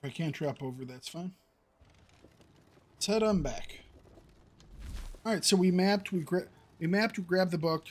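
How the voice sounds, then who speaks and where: A man's voice: high-pitched, a little slow, long pauses. A man streaming a survival game, chatting casually to his viewers and thinking aloud about his next moves. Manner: thinking aloud, talking to chat. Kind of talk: casual gameplay commentary.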